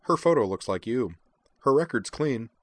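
A man reading a brisk young hacker woman. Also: medium pitch, expressive, no echo, pitched above the performer's own voice, lightly acted. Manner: brisk, running commentary.

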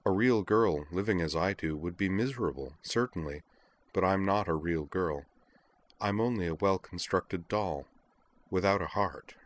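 A man voicing a composed female android girl who speaks flatly and calmly, in a storybook reading. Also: low voice, normal speed. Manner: flat, calm, emotionless.

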